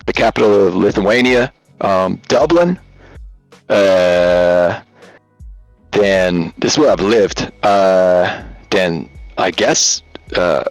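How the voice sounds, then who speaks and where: A man from Australia with a fairly low-pitched voice joins a casual interview as a guest content creator, calling in by video from his home in Latvia. He chats loosely and tells jokey stories packed with fillers. The recording is rough but has no echo.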